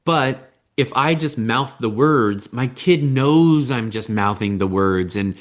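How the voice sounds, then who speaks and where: A man's voice: medium pitch, expressive, takes it slowly, few pauses. A man, a parenting coach, talking in a podcast interview and explaining his points by acting out quotes. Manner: conversational, explains with acted-out quotes.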